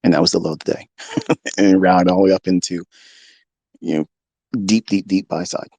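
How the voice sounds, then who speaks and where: A middle-aged trading mentor runs an unscripted live audio chat from his basement at home, combative and profane, sometimes erupting into loud tirades. His low voice holds a steady tone and moves a little fast, with no room sound.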